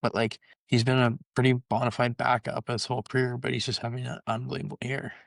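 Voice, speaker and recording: A man's voice: mid-range voice, level tone, fast, creaky, dry recording. A young man co-hosting a podcast, chatting casually about hockey and telling stories loosely, full of fillers. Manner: loose, filler-heavy storytelling. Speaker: podcast co-host. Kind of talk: casual sports chat.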